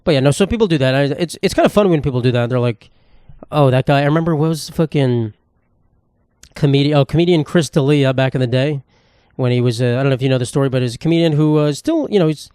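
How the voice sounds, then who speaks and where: A young man talks through a solo podcast, loose and rambling, swearing freely and tossing in sarcastic asides. His voice sits at an ordinary middle pitch, and his throat sounds dry. The sound is close and dead, with no room around it. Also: fast, dark tone, smooth, dry recording. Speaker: podcast host. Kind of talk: casual solo podcast monologue.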